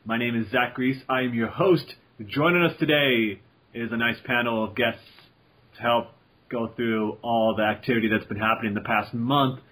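A man's voice: mid-range voice, normal speed, fairly bright tone, poor audio. A man hosting a casual podcast chat, with a dry, sarcastic humor and R's that come out like W's. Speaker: podcast host.

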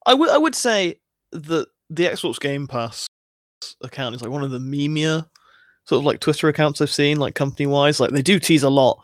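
A man's voice: on the high side, expressive, normal speed, no room sound, studio quality. A man co-hosting a podcast in laid-back, chatty casual talk. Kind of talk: casual chat.

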